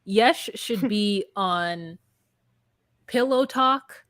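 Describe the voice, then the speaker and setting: Brief: woman co-host, mid-pitched, wry storyteller, close dry sound. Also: drawn-out words, fairly bright tone, dry recording. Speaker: podcast co-host. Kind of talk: casual reality TV recap chat.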